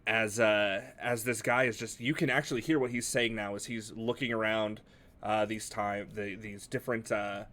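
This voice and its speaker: A man's voice: on the low side, fairly even intonation, moderate pace, bright, forceful tone. A man narrating a tabletop game as game master, casual with many fillers.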